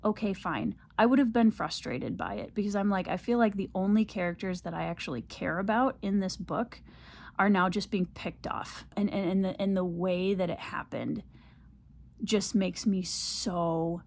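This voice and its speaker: Young woman book vlogger, casual to-camera talk, mid-pitched voice, gets heated and repeats herself. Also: steady tone, moderate pace, creaky. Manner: frustrated ranting, repetitive. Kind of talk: casual reading vlog.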